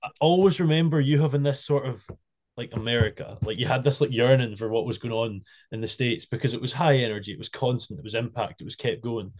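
A man hosting a casual podcast, telling stories in an animated way and laughing a lot. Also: medium pitch, fast talker. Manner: animated storyteller, laughs a lot, loose phrasing. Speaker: podcast host. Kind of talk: casual chat.

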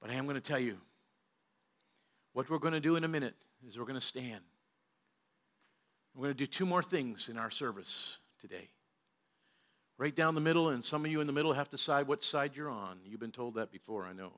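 An older man, a pastor, telling a story in a sermon and moving between loud bursts and hushed passages. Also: medium pitch, moderate pace, pauses often.

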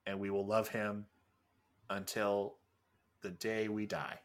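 Un hombre que copresenta un pódcast en una charla informal; divaga, se ríe y suelta palabrotas. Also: male voice, fairly low pitch, completely flat delivery, slow pace. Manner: rambling, laughing, swears freely. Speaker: podcast co-host. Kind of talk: casual chat.

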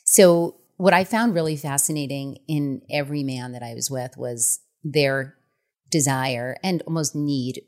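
A middle-aged woman speaking as an author and podcast guest, frank and animated, laughing often. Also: extremely low pitch, a little slow. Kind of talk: candid podcast conversation.

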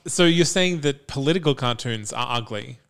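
A man's voice: mid-range voice, animated, vocal fry, fairly bright tone, clean tone. Wry man. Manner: dry, wry humour with measured asides. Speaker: podcast co-host. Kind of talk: casual group chat.

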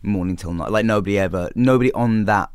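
A young English man chatting as a guest in an interview, talking in quick bursts full of fillers and restarts. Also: fairly low pitch, clean tone, no room sound, clean studio sound. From England. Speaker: actor guest. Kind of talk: casual interview chat.

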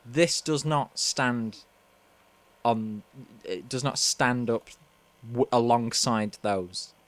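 Slow, blunt man. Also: mid-range voice, fairly bright tone. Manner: blunt, teasing critic. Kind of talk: casual chat.

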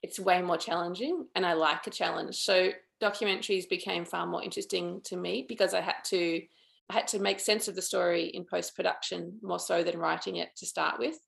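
Woman with a gravelly low voice. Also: fairly even intonation, brisk. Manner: thoughtful, earnest, chatty with fillers. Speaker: documentary filmmaker, guest. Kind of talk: interview conversation.

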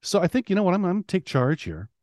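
A man's voice: high-pitched, big pitch swings, a little mellow, dry recording, studio quality. A man co-hosting a music podcast in casual chat, teasing and swearing, often restarting his sentences. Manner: profane, teasing, halting with many restarts. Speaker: podcast co-host.

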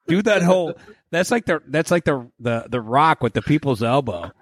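In a dry, studio-quality recording, a man with a fairly high, animated voice talks at a normal speed as a podcast co-host. The chat is casual; he swears freely, cracks jokes and acts out imagined conversations.

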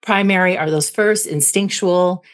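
A middle-aged woman psychologist explaining calmly and carefully as a guest on a podcast interview. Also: fairly low pitch. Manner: measured, explanatory.

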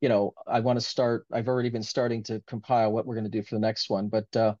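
A man's voice: on the low side, level tone, fast, a little mellow, no echo, muffled recording. A man being interviewed as an author, talking in an earnest, rambling, heartfelt way in casual conversation.

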